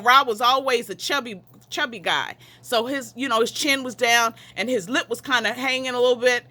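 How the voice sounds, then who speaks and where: A woman with a bright, forceful voice pitched a little high tells family stories in a loose, chatty way. She laughs as she goes and drifts into side tracks before finding her way back. She is speaking on a video call from home. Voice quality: laughs often while telling, digresses. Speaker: relative sharing memories at a memorial. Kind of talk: casual storytelling.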